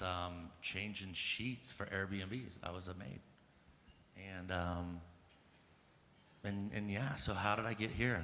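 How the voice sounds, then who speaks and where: A man's voice: on the low side, sharp tone, a little hiss or hum. Fired-up man telling his story in a hall. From United States. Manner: casual and profane, heavy use of "like" and "um"; grows fired up and emphatic. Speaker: conference speaker. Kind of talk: personal storytelling talk. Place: large conference hall. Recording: long hall reverb with faint ambience.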